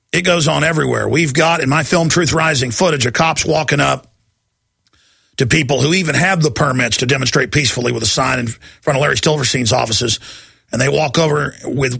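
A man's voice: fairly high pitch, creaky, a bit bright, breathy edge, no echo, clean studio sound. A man hosting a talk radio show, ranting in a fiery, emphatic way.

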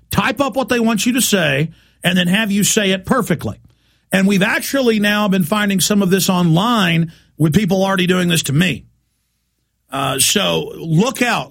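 Gravelly, ranting talk radio host. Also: male voice, sits high, fairly bright tone. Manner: heated, ranting, emphatic.

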